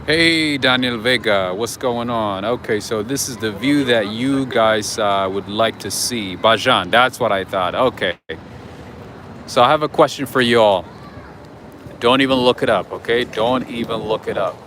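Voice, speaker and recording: A man's voice: on the low side, a little slow, a bit bright. A man hosting a casual livestream outdoors on a city street, chatting with viewers and greeting them by name. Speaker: livestream host. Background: street traffic.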